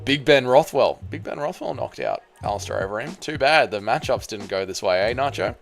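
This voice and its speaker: A man with an Australian accent chats casually with viewers on a livestream, reacting to things and swearing freely. His mid-range voice is sing-song, fairly quick, and gravelly, with faint music in the background.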